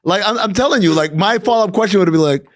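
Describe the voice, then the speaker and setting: A man co-hosting a comedic sports talk show, joking and swinging his voice high and low. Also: fast. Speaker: co-host.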